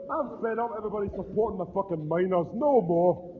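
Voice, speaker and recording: Scottish man, stand-up comic, high voice, swearing rants, tinny phone-like sound. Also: expressive, quick pace, very noisy. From Scotland. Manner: profane, ranting, sardonic. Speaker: stand-up comedian. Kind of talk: stand-up routine.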